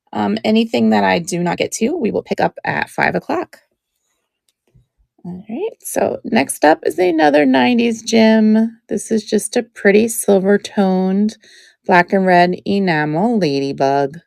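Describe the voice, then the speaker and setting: Slow, gravelly woman selling jewelry live. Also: mid-range voice, dry recording. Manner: chatty and relaxed, describing each piece with many fillers. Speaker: live jewelry auction seller. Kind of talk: live sales stream.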